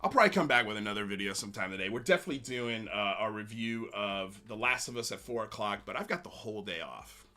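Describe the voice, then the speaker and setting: A man's voice: lowish voice, animated, quick pace, few pauses, pushed and bright, soft background music. A man hosting a livestream, ranting bluntly and sarcastically, then reading viewer comments with frequent laughs. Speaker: livestream host.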